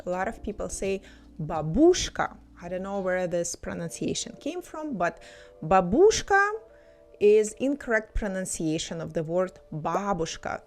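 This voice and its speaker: A woman with a Russian accent, a native Russian speaker, teaching a beginner language lesson with clear, deliberate pronunciation. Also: on the low side.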